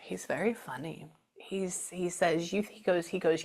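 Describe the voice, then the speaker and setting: A woman's voice: lowish voice, normal speed. A young woman giving a mediumship reading, chatty and casual, often dropping to a whisper before speaking up again. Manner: chatty, often drops to a whisper to listen, then speaks up brightly. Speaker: spiritual medium.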